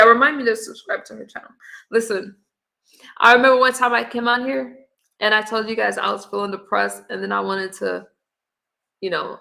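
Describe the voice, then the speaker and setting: A woman's voice: mid-range voice, vocal fry, pushed and bright. A woman hosting a livestream, speaking earnestly and emotionally to her chat, close to tears. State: holding back tears. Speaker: livestream host. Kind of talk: emotional casual livestream talk.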